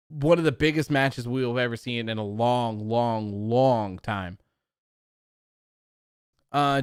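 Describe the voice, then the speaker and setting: A man's voice: mid-range voice, smooth, dry recording, studio quality. A young man hosting a live stream, chatting casually and reading out viewer comments, with lots of "like" fillers. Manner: rambling, animated, many "like" fillers.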